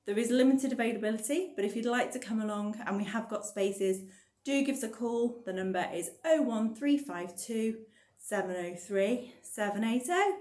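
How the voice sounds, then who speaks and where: A woman's voice: a little high, moderate pace, a little mellow. A woman leading a baby rhyme-time class as a children's librarian, sing-song and encouraging. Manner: sing-song and encouraging, sings nursery songs. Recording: echoey room.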